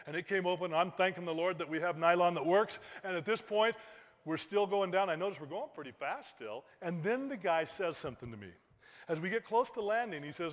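A middle-aged man, a pastor, telling a lively personal story in a sermon, bursting into shouted exclamations. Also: sits high, a little fast. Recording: long hall reverb.

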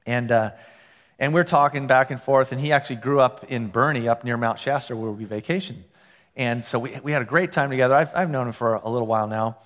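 A man preaching as a pastor in a relaxed, conversational way, telling personal stories with asides and self-corrections. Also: medium pitch, fairly quick, long reverb tail, lo-fi sound. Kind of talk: sermon. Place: church sanctuary.

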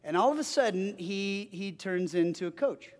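High-voiced man preaching in a reverberant hall. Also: moderate pace. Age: 40s. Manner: animated storytelling with frequent restarts. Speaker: pastor. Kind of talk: sermon with personal story. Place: church sanctuary.

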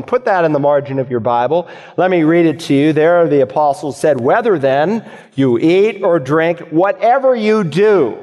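A man's voice: on the high side, darkish tone. A man preaching a sermon, reading scripture and pressing earnest rhetorical questions on his listeners. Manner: earnest, emphatic Bible exposition with rhetorical questions. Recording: hall reverb.

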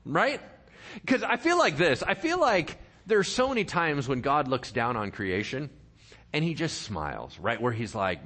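Animated male pastor preaching. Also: mid-range voice, normal speed. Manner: animated, playful asides to the congregation; reads scripture aloud with dramatic emphasis. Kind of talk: sermon.

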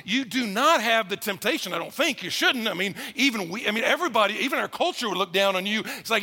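A middle-aged man preaching a sermon as pastor, animated and acting out quoted voices. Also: high-pitched, quick pace, few pauses, breathy edge, long reverb tail.

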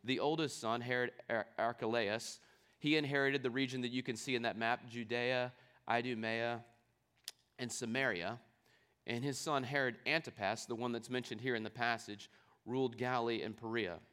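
A man preaching at a mid-range pitch, reading scripture and then unpacking it plainly. He explains step by step and poses questions to his listeners before answering them himself. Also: fairly even intonation, moderate pace, a bit bright, clear, resonant tone. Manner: explanatory, asks the audience rhetorical questions. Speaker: pastor.

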